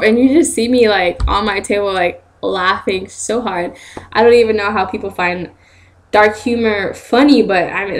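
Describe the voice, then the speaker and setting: A young woman telling a funny story in a casual vlog, animated and giggly, acting out quotes in bursts of laughter. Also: medium pitch. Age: young adult. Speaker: vlogger, student studying abroad in Japan.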